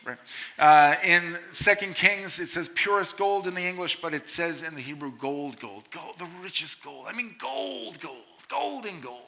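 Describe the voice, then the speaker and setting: Middle-aged guy preaching to college kids, playful, bright punchy voice, goes from quiet to loud. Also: sits high. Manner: animated, playful asides, swings from hushed to loud. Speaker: conference speaker. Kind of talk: sermon to college students. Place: large conference hall.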